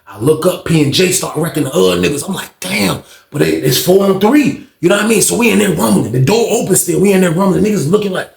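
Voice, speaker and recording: A man telling a story in casual speech, animated, acting out quotes in a raised voice. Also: high-pitched, fast, vocal fry. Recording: echoey room.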